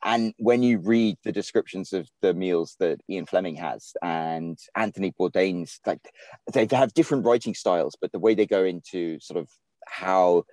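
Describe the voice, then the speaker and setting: Mellow-voiced British man, rambling. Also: low voice, moderate pace, dry recording. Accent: British English. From England. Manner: rambling, many fillers and restarts. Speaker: guest writer. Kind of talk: casual podcast chat.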